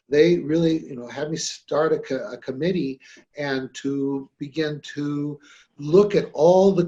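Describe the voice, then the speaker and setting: Guy hosting a podcast, kinda high voice, chatty and rambly, dull lo-fi sound. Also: gravelly, a little mellow. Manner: friendly, rambling, with many fillers. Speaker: podcast host and hypnosis trainer. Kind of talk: casual podcast chat.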